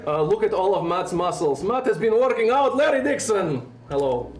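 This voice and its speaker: A man chatting on a stream while putting on a playful mock Russian accent, speaking deadpan in broken grammar. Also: high voice, moderate pace, echoey room, slight background noise, voice pushed up. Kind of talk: casual stream chat.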